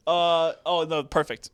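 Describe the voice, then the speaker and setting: A man's voice: fairly high pitch, smooth, dry recording. A young man co-hosting a podcast, talking in casual banter and laughing through his own jokes. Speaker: podcast co-host.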